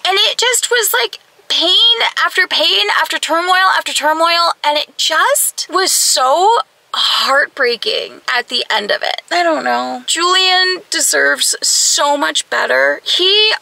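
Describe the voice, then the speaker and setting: A woman's voice: extremely high pitch, animated, slow, creaky, bright, forceful tone, dry recording, rough recording. A young woman talking casually in a reading vlog, emphatic and gushing, full of "like" and "you know what I mean". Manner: emphatic, gushing and exasperated, filler-heavy. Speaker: book vlogger.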